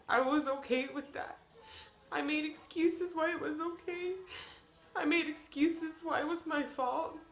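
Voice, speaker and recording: A woman's voice: a little high, fairly bright tone. Emotional woman in an echoey room. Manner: emotional, halting, with many restarts. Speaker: vlogger. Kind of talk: personal confessional vlog.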